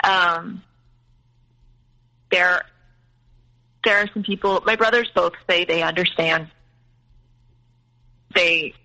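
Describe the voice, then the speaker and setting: Gravelly, bright-voiced woman telling her story. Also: on the low side, poor audio. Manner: earnest, frequent restarts, retells conversations. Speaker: podcast guest. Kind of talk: emotional personal storytelling.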